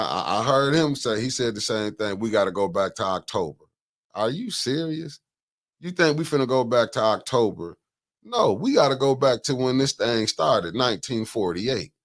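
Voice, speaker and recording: A man hosting a casual political talk show, talking in an animated, emphatic way, repeating words and cutting in. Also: medium pitch. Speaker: host.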